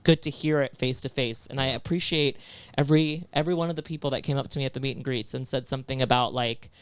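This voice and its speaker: A man's voice: medium pitch, steady tone, fast, clear, resonant tone, dry recording. A man guesting on a podcast as a comedian, talking casually and emphatically.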